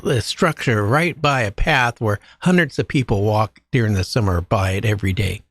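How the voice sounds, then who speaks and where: A man's voice: fairly low pitch, normal speed, fairly bright tone, no echo. A man hosting a late-night show who asks questions in a conversational way. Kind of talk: casual interview talk.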